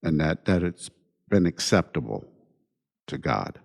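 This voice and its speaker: A man hosting his own podcast, talking through his thoughts in an unhurried monologue and repeating his points through rhetorical questions. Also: low-pitched, very animated, creaky, darkish tone. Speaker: podcast host. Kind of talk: reflective monologue.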